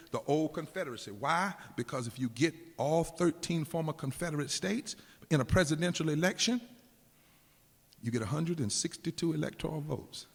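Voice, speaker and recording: A man, a preacher, giving a political speech in an emphatic preaching cadence that drops low and slow for weight. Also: husky. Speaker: preacher and activist speaker. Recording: long hall reverb.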